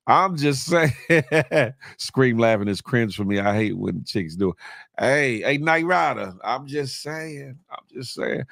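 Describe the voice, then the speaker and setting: A man from Washington, D.C. hosting a casual morning livestream, animated and chuckling as he greets viewers by name. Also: a little high, no echo, clean studio sound. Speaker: host of a morning live show.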